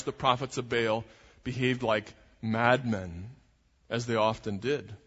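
A preacher in a man's voice, pitched slightly high, retells scripture as a lively story. The sound is dull and muffled. It rings with the long reverb of a large hall. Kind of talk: sermon.

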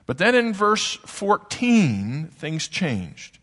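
A man's voice: high-pitched, huge pitch swings, very slow, a bit bright. A man preaching a sermon in a church, in a conversational, explanatory manner with frequent asides. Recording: long hall reverb.

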